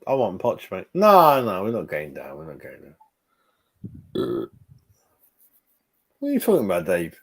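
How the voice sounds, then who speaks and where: A man, hosting a live football reaction stream from home. His talk swings widely in pitch and loudness as he answers his viewers. He swears constantly and calls everyone mate. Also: measured pace. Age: 40s. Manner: sweary, animated, talking to chat. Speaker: fan channel host.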